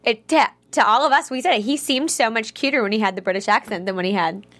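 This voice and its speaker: A woman's voice: a little high, quick pace, a bit bright. Female panelist, talkative, casual and conversational.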